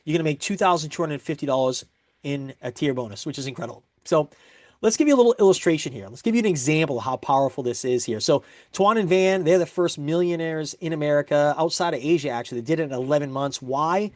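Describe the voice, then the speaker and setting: A man's voice: fairly high pitch, fast talker, a little mellow, no room sound, studio quality. A man giving a recorded sales presentation, upbeat and explaining step by step.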